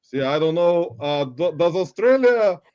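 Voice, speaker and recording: A man's voice: fairly high pitch, lively intonation, unhurried, mellow, clear, resonant tone, no echo, muffled recording. A man hosting a live stream in playful chat, mock-dramatic and theatrical, laughing often. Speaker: livestream host.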